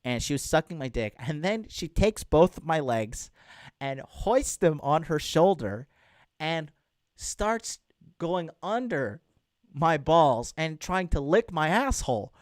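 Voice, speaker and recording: A man's voice: fairly high pitch, big pitch swings, takes it slowly, no room sound, clean studio sound. A man hosting a casual livestream as a dating coach, talking bluntly and crudely to viewers and reading out chat.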